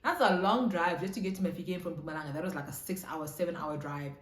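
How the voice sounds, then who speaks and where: A lively young South African woman chats through a story, switching between English and isiZulu. Her voice sits on the low side. The room around her adds a noticeable echo. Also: quick pace. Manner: animated, mixes English and isiZulu. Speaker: vlogger. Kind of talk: storytime chat. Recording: roomy echo.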